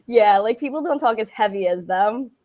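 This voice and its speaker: A woman's voice: a little high, animated, normal speed, darkish tone. A young woman with a New York accent, a guest in casual chat, bubbly and giggly with lots of "like".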